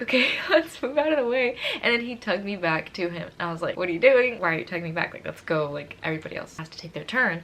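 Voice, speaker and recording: A young woman chats to her camera in a gushing, emotional rush, piling on fillers as she tells a personal story. Her voice sits a little low for a woman. A faint hiss hangs under the recording. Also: a bit bright. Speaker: vlogger.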